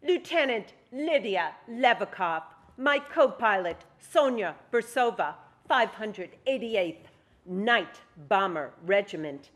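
A woman's voice: mid-range voice, animated, slow pace. A woman reading aloud as a proud, tough young Soviet woman bomber pilot with a thick Russian accent. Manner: proud, matter-of-fact.

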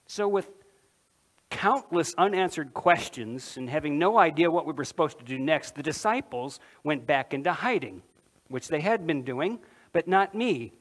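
Preaching a dramatic first-person monologue, a man voices Mary of Magdalene, a woman disciple who tells her story directly to listeners and poses questions to them. His voice is a little high, fairly bright, and exaggerated. He sounds puzzled at first, then grieving.

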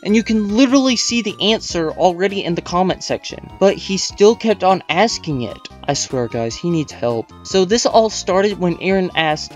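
A man with a fairly high voice delivers sarcastic, exasperated vlog commentary, reading out online posts and mocking them. Faint music plays under his voice. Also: animated, normal speed, hardly any pauses.

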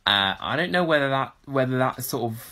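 A man voicing a pet dog's inner thoughts in a dry, deadpan way about missing snacks. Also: medium pitch, fairly quick. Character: snack-obsessed pet dog, deadpan male.

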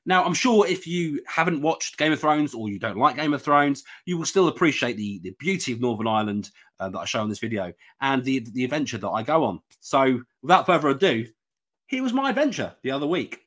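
This is a man narrating a travel vlog in a husky voice with a lively, up-and-down pitch. He rambles casually and repeats himself as he goes, and he sounds like a voice-over recorded away from the places shown. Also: brisk. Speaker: travel vlogger.

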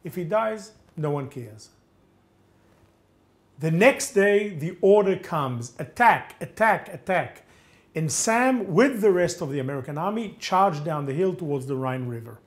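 A man lecturing as a gripping storyteller, his fairly high voice swooping up and down as he acts out each exchange. He delivers the tale in the first person with a theatrical flair. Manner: animated, acts out dialogue with shifting voices.

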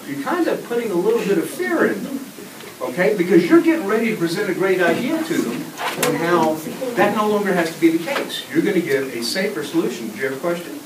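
A middle-aged man giving an energetic, interactive presentation to a school class, often asking the children questions. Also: high-pitched, fairly quick. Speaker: guest presenter. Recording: echoey classroom taped from far off with noise.

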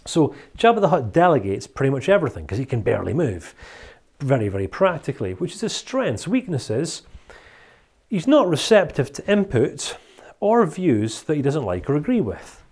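A man's voice: a little high, very animated, normal speed, darkish tone, husky. A Scottish man teaching a recorded course lecture in a chatty, jokey way.

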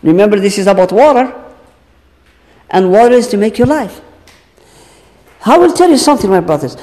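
Male lecturer addressing a congregation; slow, emphatic rhetorical questioning; echoey hall recording. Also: high voice, very animated, warm tone. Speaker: Islamic teacher. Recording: long reverb of a large hall.

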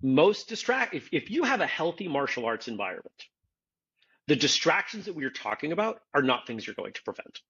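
A man's voice: a little high, very animated, brisk, fairly bright tone, slightly rough, highs cut off. A man hosting a casual podcast discussion, explaining his points earnestly and step by step. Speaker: podcast host, martial arts instructor.

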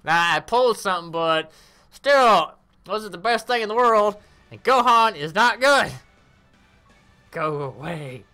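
Woman, game commentator, slow and bright, animated, swears freely. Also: medium pitch, clean tone, soft background music. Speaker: mobile game streamer. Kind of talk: casual gameplay commentary.

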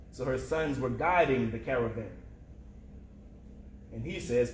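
Male preacher, mid-range pitch, deliberate storytelling sermon, with a roomy echo. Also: slight background noise.

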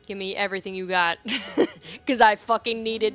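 A young woman giving casual, profane gameplay commentary with sudden excited outbursts. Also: mid-range voice, moderate pace, muffled recording. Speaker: gaming channel host.

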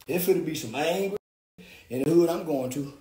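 A man ranting to camera in a loud, theatrical comedic vlog, with exaggerated mock-crying and preaching. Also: a little high, brisk. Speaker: vlogger. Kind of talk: comedic celebratory rant to camera.

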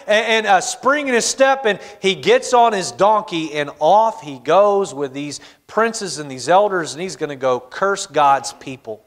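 A male pastor preaching a sermon in a church, telling the story with animated voices. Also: sits high, measured pace, hardly any pauses. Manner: animated storytelling, acts out characters. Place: church sanctuary. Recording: long hall reverb in church.

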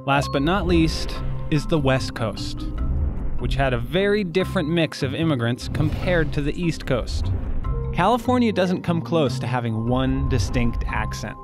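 A man delivers scripted explainer narration in a clear, measured manner. His voice sits a little high for a man. Music plays clearly beneath him throughout. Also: expressive. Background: background music.

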